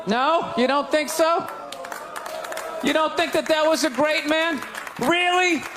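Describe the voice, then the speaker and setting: A middle-aged man doing a stand-up set, ranting loudly and in exasperation to a live audience. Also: very high voice, slow pace. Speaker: stand-up comedian. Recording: live stage mic over crowd laughter and noise. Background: audience laughing.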